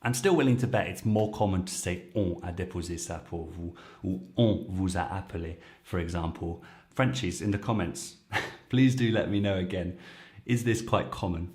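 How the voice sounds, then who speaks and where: A man's voice: low-pitched, moderate pace, a little mellow. A man who is a native English speaker, hosting a lesson and patiently explaining phrases step by step. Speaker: French teacher and show host. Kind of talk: explaining language clips to camera.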